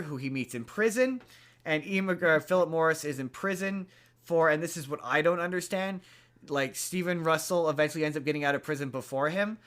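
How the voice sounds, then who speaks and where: A podcast host, a man, talks casually as he retells a film's story. He rambles, restarts his sentences and leans on fillers, and his voice sits a little high for a man. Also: fairly bright tone, clean tone. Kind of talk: casual chat, retelling a movie plot.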